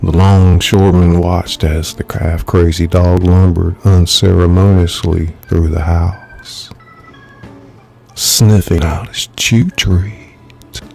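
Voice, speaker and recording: A man, an author, reading his own thriller novel aloud in measured, dramatic storytelling. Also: sits low, little pitch movement, creaky, a little mellow, soft background music. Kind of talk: live audiobook narration.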